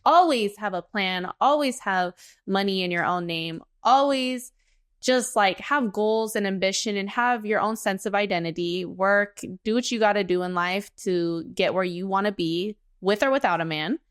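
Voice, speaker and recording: Young american woman going off on a podcast, blunt n sweary, mid pitch, dry sound. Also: moderate pace, clear, resonant tone, no echo. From United States. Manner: blunt, profane, emphatic. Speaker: podcast co-host. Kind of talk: casual podcast rant.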